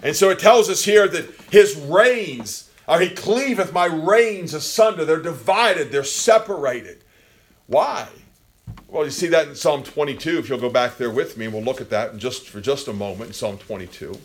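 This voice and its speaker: A man preaching a sermon with passion, swinging from quiet, low passages to loud, near-shouted peaks. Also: lively intonation, normal speed.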